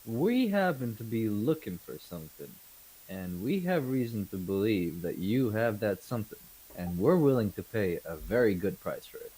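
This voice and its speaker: A man's voice: fairly low pitch, big pitch swings, normal speed, mellow, slightly rough, low-quality recording. A man voicing a bold merchant in a tabletop role-play game, speaking in a formal, persuasive way. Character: bold male British merchant, persuasive and bluffing.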